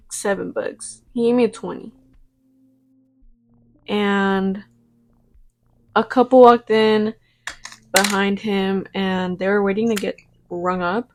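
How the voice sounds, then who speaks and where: A woman's voice: mid-range voice, darkish tone. A young woman, chatting and telling rambling work stories while getting ready, swearing freely and acting out her own replies. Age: young adult. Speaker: vlogger. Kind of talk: get-ready-with-me storytime chat.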